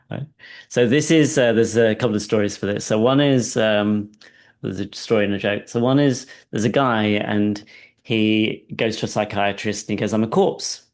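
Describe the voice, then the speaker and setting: Creaky-voiced male coach, soft and steady. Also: fairly low pitch, unhurried. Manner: calm and soft-spoken in guidance, animated when telling stories; frequent "right?" check-ins, laughs between points. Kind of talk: guided coaching session.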